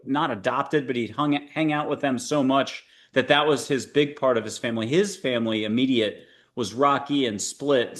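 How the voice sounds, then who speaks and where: Rambling middle-aged male podcast host. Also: mid-range voice. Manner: rambling, halting with many fillers. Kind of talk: casual spiritual interview chat.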